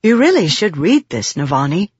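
A woman's voice: on the low side, sing-song, moderate pace, a little mellow, breathy edge, no room sound, exaggerated voice. A narrator voicing a young, absent-minded woman scholar who muses aloud in a rambling way. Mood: musing. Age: young adult. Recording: dull dry audiobook recording.

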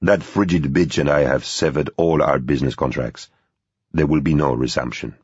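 A man's voice: rumbling low, normal speed, slightly rough, dry recording. Man doing a cold, ruthless tycoon. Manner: flat, hard. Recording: dull, dry.

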